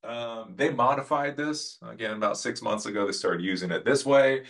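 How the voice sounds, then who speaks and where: A man teaching a casual coding lesson, talking bluntly and rambling, with loud emphasis and mumbled asides. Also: medium pitch, normal speed, vocal fry. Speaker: coding instructor.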